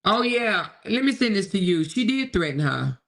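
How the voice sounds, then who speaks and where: Woman, livestream commentary host, lively swooping voice, animated, exclamatory, chatty. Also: medium pitch, moderate pace, gravelly. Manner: animated, exclamatory, talks straight to viewers; reads viewer comments aloud.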